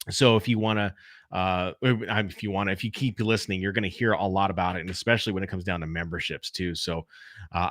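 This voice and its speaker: Bright-voiced casual male streamer. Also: low voice, dry recording, clean studio sound. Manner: chatty, loose, talks straight to viewers. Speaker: podcast host.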